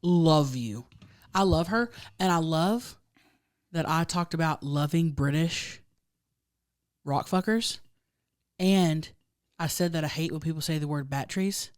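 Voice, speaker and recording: A woman's voice: low-pitched, measured pace, long pauses. A woman co-hosting a podcast, bubbly and crude in casual chat. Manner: bubbly, laughing, crude humor. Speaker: podcast co-host.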